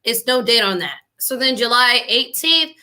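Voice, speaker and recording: At a normal speed and a fairly high pitch, a woman hosts a reaction commentary. She chats animatedly in slangy, casual language and talks directly to the people watching.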